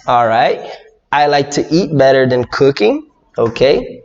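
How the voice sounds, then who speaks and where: A male Brazilian English teacher, a native Portuguese speaker with a Brazilian Portuguese accent, runs a live online lesson in a mid-range voice. He speaks slowly but with energy, reading out viewer comments and posing questions. Long reverb and dull lo-fi sound mark the recording.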